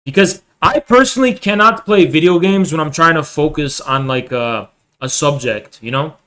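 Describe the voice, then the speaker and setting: A man's voice: a little high, normal speed, a bit bright. A man streaming his reactions to a debate, talking bluntly and dismissively with some swearing. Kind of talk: casual reaction commentary.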